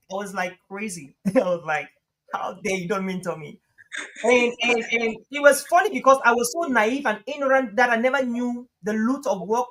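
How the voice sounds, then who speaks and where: A man talking as a guest coach on a live stream, lively and emphatic, often laughing and repeating phrases for emphasis. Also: very high-pitched, poor audio. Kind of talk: conversational advice on a live stream.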